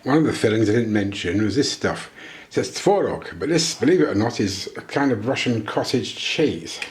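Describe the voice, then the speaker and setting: A man's voice: on the low side, expressive, normal speed, slight background noise. Jokey British man, echoey kitchen. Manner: jokey, self-deprecating. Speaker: vlogger. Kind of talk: casual cooking demonstration. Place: home kitchen.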